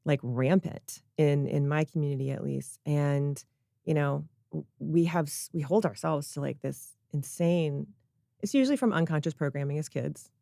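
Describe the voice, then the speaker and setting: A woman's voice: sits low, normal speed, creaky, warm tone, no room sound, clean studio sound. A woman speaking as a podcast guest and coach, talking casually and emphatically, with an encouraging tone. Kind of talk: casual conversational chat.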